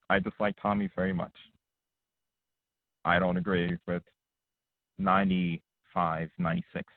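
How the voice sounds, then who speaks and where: A man's voice: sits low, no room sound. A man calling into a talk show, explaining his point in a hesitant, fumbling way. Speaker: caller. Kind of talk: call-in argument. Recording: dry, tinny phone-line audio.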